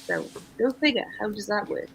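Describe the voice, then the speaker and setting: A woman chatting casually as a guest, relaxed and gushing, with frequent fillers. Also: medium pitch, moderate pace, vocal fry, a little hiss or hum, rough recording. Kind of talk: casual chat.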